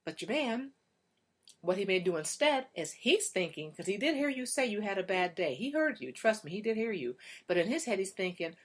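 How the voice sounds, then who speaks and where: A woman working as a relationship coach, talking directly to viewers in a chatty, animated way. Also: mid-range voice, fairly quick, slightly rough. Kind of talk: casual direct-to-camera talk.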